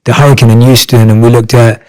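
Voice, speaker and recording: A man's voice: medium pitch, little pitch movement, fast talker, a little mellow, poor audio. A man in his thirties hosting a podcast interview, earnest and encouraging, with frequent affirmations. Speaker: podcast host. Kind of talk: conversational interview.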